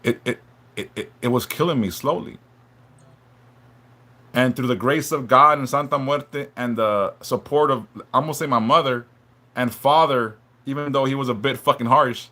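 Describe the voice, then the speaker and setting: A man hosting a live stream, talking haltingly and emotionally, stumbling and repeating words, swearing a lot and apologizing for opening up. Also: medium pitch, bright, forceful tone. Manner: apologetic and openly vulnerable. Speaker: livestream host reading chat.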